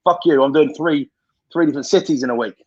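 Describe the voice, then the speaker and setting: Guy on a podcast, swears a lot, pep-talk energy, bit husky, kinda dull lo-fi sound. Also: fairly high pitch, fast talker, a little mellow. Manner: blunt, sweary, motivational. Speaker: podcast guest. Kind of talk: casual chat.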